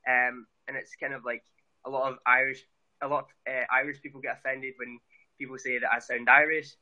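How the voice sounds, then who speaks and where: A man's voice: medium pitch, flat delivery, brisk, sharp tone, dull audio. A man with a Scottish accent chatting earnestly as an interview guest over a video call, often restarting his sentences. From Scotland. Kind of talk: casual interview chat.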